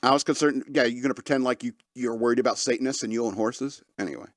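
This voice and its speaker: A man's voice: mid-range voice, fairly even intonation, fast, dry recording, clean studio sound. A man hosting a podcast, joking sarcastically through news stories and laughing often mid-sentence. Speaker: podcast host. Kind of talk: casual comedic commentary on news.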